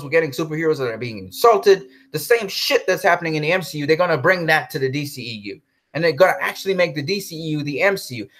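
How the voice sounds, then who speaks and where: A man delivers an angry, rambling rant, his voice pitched somewhat high. He gets heated, curses, and keeps pressing his point. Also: fairly bright tone. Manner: angry, heated, swearing, apologetic about cursing. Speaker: commentary vlogger. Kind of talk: ranting commentary reading viewer comments.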